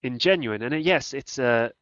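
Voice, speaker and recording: A man's voice: mid-range voice, animated, moderate pace, fairly bright tone, no room sound. A man talking casually about video games, often restarting his sentences as he works out his point. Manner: hesitant, restarts mid-thought. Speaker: podcast panelist. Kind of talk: casual gaming discussion. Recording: dull, dry lo-fi audio.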